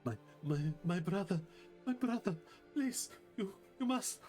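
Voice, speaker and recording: Guy doing a crying scared teen boy, stammering and high-pitched, begging for help in a tabletop game. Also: animated, measured pace, a little mellow, faint music behind. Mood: panicked. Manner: sobbing, stammering, pleading. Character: terrified bloodied teenage boy crying for his brother.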